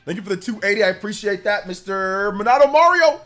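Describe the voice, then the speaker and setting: A man's voice: high-pitched, animated, quick pace, bright, forceful tone, faint music behind. A young man hosting a livestream, telling a rambling school story in casual chat and thanking viewers for donations. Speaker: livestream host.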